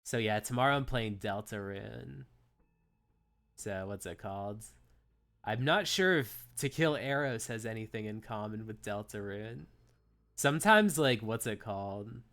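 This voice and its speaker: A man's voice: fairly low pitch, animated, unhurried, gravelly, fairly bright tone. A young man streaming a visual novel, reading the story aloud and chatting in a rambling way with many fillers.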